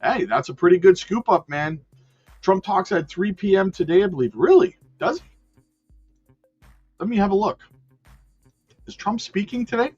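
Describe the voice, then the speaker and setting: A man's voice: high voice, breathy edge. A man hosting a casual crypto livestream, chatting with viewers and reading their comments aloud. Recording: dull lo-fi sound with faint music.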